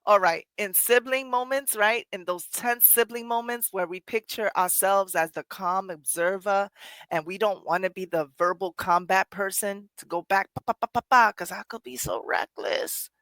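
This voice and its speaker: A woman's voice: medium pitch, moderate pace, fairly bright tone, dry recording. A middle-aged woman hosting a podcast, talking earnestly and candidly in a reflective personal way, sometimes laughing at herself. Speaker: podcast host.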